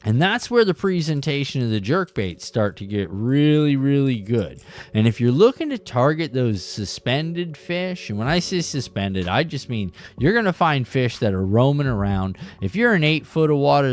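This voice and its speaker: A man hosting a live fishing show from his desk, talking casually through lures and restarting his sentences. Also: mid-range voice. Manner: chatty, explains with stops and restarts. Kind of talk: casual live-stream tackle talk. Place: home desk.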